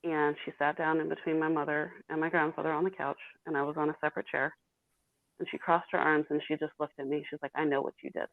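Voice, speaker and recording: A woman's voice: deep voice, level tone, fast, no room sound. A woman in her thirties, a guest telling her own painful story candidly and bluntly. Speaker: interview guest. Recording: tinny phone-like call audio.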